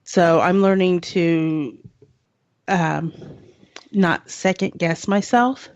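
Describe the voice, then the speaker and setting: A woman's voice: lowish voice, steady tone, drawn-out words, no echo. A woman in a casual radio chat, giggly and telling stories. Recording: dull lo-fi radio audio.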